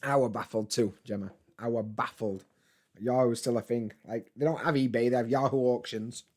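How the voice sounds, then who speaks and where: A man chatting casually on a live stream, reading and answering chat comments in a relaxed, swearing, laughing way. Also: mid-range voice. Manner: laid-back, chatty, swears freely, laughs often.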